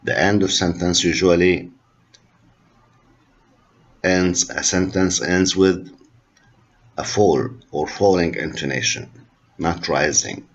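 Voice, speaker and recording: A man with Arabic as his first language lectures on linguistics in a slow, deliberate way, repeating each point for his students. His voice is very deep and slightly husky. The recording sounds dull and lo-fi. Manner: slow, repetitive explaining, switching between English and Arabic.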